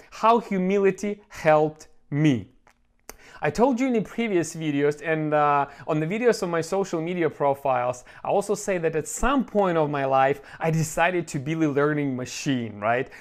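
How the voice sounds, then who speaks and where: A man, not a native English speaker, hosting an online course and telling a motivational story in an earnest, emotional way, with many fillers and calling his viewers guys. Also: fairly high pitch.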